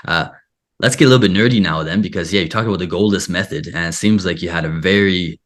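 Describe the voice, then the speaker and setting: A man hosting a casual interview, asking questions in a relaxed, easygoing way. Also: deep voice, fast. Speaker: interview host.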